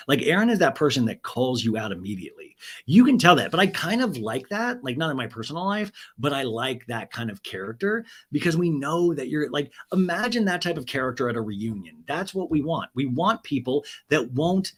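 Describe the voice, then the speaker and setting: A man's voice: medium pitch, big pitch swings, brisk, a bit bright, husky. A man hosting a podcast, giving a chatty, wry, casual recap of a reality show. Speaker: podcast host.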